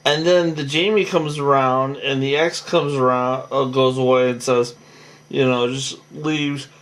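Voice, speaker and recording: A man's voice: mid-range voice, steady tone, a little slow, a bit bright. A tired man recapping a reality show in a rambling, casual monologue full of fillers and restarts.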